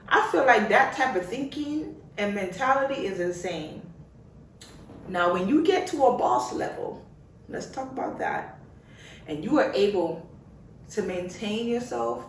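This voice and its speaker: A young woman hosting her own podcast, ranting in a lively, opinionated way and laughing often. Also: mid-range voice, distant mic, slight background noise. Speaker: podcast host. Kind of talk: casual opinionated monologue. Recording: echoey room, off-mic.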